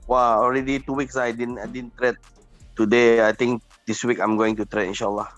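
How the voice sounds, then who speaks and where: A man's voice: mid-range voice, measured pace, long pauses, dull audio, soft background music. A man, chatting on a live stream and laughing a lot. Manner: giggly, excitable banter. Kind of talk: casual live-stream chat.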